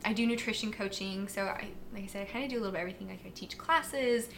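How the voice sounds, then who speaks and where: Bright-voiced, animated woman guest. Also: medium pitch, very fast, gravelly, a little hiss or hum. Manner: animated storyteller, lots of fillers and acted quotes. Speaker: podcast guest, fitness and nutrition coach. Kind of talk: casual interview chat.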